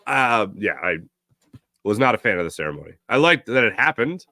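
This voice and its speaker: A man's voice: fairly low pitch, big pitch swings, fairly quick, sharp tone, no echo, clean studio sound. A man hosting a sports talk show, ranting sarcastically and casually while reading viewer comments. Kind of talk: casual live-stream chat reading comments.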